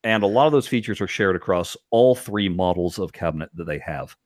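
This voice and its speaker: A man with a fairly low voice, talking in a casual, animated way as a podcast host. He laughs often and gets worked up as he tells his stories. The sound is close and dry, with no room echo. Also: fairly quick. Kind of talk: casual chat.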